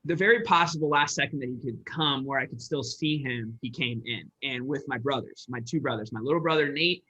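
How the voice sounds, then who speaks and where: A Michigan man, an entrepreneur and sales coach appearing as a guest on a podcast interview, tells a personal story in an earnest, rambling way, restarting often. His medium-pitched voice runs a little fast, sounding pushed and bright with a breathy edge. The recording is dull and lo-fi.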